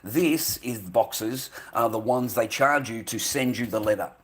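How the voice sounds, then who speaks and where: A man's voice: mid-range voice, a little slow, a bit bright, breathy edge. Profane ranting Australian man. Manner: angry, profane, repeats himself, stumbles over words. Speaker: vlogger. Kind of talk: ranting monologue to camera.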